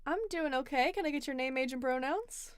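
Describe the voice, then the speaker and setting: A woman's voice: high voice, a little fast, no echo. A woman hosting a casual livestream call-in chat, dry and teasing in a matter-of-fact way. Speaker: livestream host.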